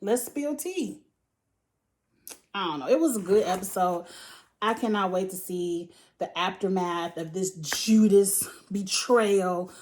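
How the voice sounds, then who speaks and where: A woman's voice: on the low side, unhurried, a little hiss or hum. A young woman host casually recapping a reality TV episode, blunt and profane, acting out mock quotes with lots of laughter.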